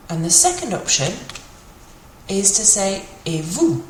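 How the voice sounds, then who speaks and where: A woman's voice: mid-range voice, big pitch swings. Chatty woman teaching basic French. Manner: chatty, with fillers, repeats example phrases slowly. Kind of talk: casual spoken language lesson. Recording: echoey room with faint ambient noise.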